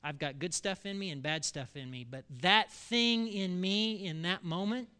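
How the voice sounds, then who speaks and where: A middle-aged man preaching a sermon as pastor, telling a story with sudden loud bursts and quiet asides. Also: sits high, normal speed, smooth.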